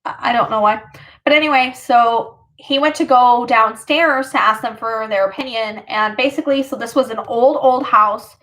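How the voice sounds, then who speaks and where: A woman's voice: a little high, normal speed, a bit bright. A woman vlogger casually telling a personal story, rambling with lots of fillers.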